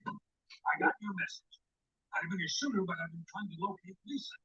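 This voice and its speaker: An actor voicing a worried, earnest wealthy young man in a 1990s cartoon, speaking low and concerned. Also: animated, a little fast, bright, forceful tone, slightly rough, lo-fi sound, heavily acted. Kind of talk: 1990s animated series voice acting.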